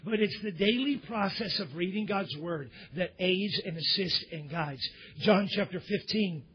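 A male pastor preaching a sermon in church, swinging from loud emphatic bursts down to near whispers. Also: high voice, measured pace, slightly rough, lo-fi sound.

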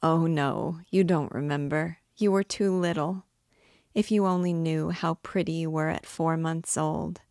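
A woman voicing a half-mad older mother in a dramatic novel reading, gushing and tender with a slow, gravelly delivery. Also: deep voice, fairly even intonation, a little mellow, no echo, clean studio sound. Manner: tender, gushing, rising to frantic.

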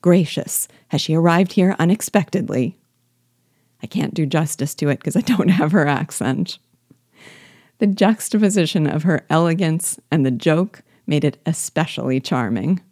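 A woman's voice: deep voice, moderate pace, darkish tone, no echo, studio quality. A woman hosting a reading podcast, giving thoughtful, wry commentary on a novel and reading passages aloud. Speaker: host guiding listeners through a novel.

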